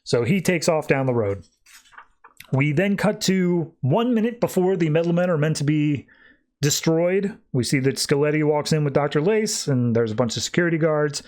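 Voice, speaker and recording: Higher-voiced man casually recapping comics. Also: lively intonation, normal speed, darkish tone. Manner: chatty, paraphrases dialogue loosely with filler words. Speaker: podcast host.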